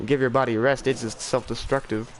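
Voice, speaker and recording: A man's voice: mid-range voice, flat delivery, a little fast, a little hiss or hum, rough recording. A teenage boy chatting casually on a game stream, rambling and self-deprecating, often trailing off and restarting. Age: teens. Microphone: desk mic for streaming.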